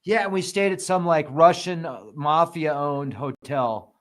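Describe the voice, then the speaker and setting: A man hosting a casual podcast, excitable and joking, laughing often. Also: on the high side, unhurried. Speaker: podcast host.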